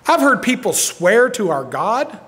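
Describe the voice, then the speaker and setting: A man preaching a sermon, telling stories and swinging from shouts to quiet asides. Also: high-pitched, big pitch swings, measured pace. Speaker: pastor. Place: church sanctuary. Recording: long church hall reverb.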